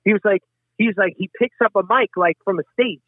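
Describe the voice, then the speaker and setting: Animated New man, tinny phone-like sound. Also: high voice, fairly quick, no room sound. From Westchester, New York. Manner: profane, animated, acts out quotes. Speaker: guest, hip hop artist. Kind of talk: casual storytelling.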